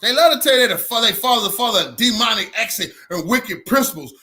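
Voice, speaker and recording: Brief: man, very high bright voice, impassioned preaching commentary, repetitive and loud at times. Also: lively intonation, fast, few pauses. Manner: fiery, preachy, repeats himself, shouts at times. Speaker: commentator reacting to a speech.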